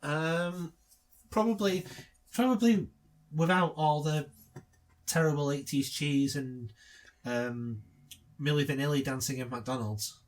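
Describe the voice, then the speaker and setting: A man's voice: on the high side, fairly even intonation, measured pace. A man co-hosting a casual film commentary, trading sarcastic jokes and laughing often. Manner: sarcastic, joking riffs with frequent laughter. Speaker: co-host.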